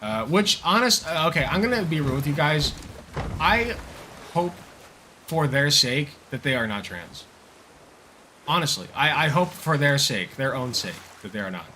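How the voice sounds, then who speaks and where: A man's voice: on the high side, big pitch swings, normal speed, sharp tone, a little hiss or hum. A young man streaming a game, riffing in rambling, profane jokes as casual commentary. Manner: rambling, profane, joking riffs. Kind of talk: casual livestream commentary while gaming.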